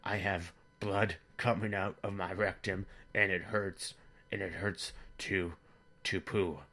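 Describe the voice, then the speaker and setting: A man's voice: sits low, fairly even intonation, slow pace, bright, forceful tone, exaggerated voice. A man voicing a weepy, whining grown son who sounds pitiful. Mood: whiny tearful. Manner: whining, tearful complaints.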